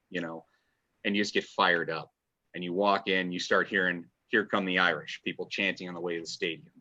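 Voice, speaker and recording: Excited podcast guy, forceful voice, keeps restarting sentences, kinda muffled recording. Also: lowish voice. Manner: enthusiastic, rambling with restarts. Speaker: podcast guest, fan writer. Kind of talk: casual podcast chat. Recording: dull lo-fi audio.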